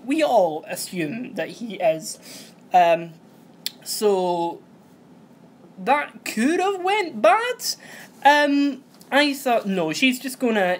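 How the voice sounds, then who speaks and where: A young man, casually recapping a TV episode, rambling and often correcting himself. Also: high voice. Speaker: host.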